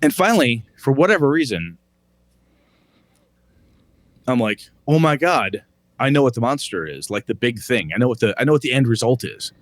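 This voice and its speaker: A middle-aged man co-hosting a podcast, chatting casually in an animated way and swearing freely as he tells stories. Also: mid-range voice, a little fast, dry recording. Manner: animated, profane, storytelling. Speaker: podcast co-host. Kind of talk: casual chat.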